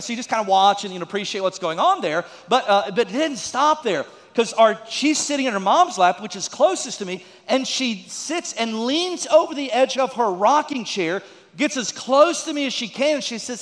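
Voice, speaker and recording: High-voiced pastor preaching in echoing hall. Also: male voice, lively intonation, moderate pace, fairly bright tone. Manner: folksy, joking asides with audience prompts. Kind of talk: sermon.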